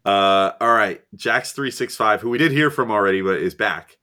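A man co-hosting a podcast, reading listener questions in a relaxed, hesitant way with many fillers. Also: fairly low pitch, moderate pace. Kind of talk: casual chat.

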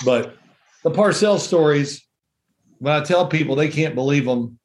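A man in his sixties talks casually as a podcast guest, spinning wry, chatty stories from his playing days. His voice sits a little higher than most men's. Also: unhurried. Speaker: guest, former pro quarterback.

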